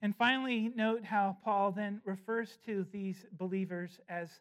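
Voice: medium pitch, fairly even intonation. Emphatic preacher, stretching key words. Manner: emphatic, slowing down to stress key phrases; often repeats words while restarting. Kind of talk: expository sermon.

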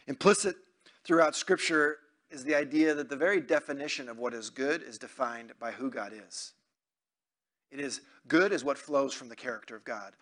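Male pastor, high and bright, conversational sermon with questions and acted-out prayers.

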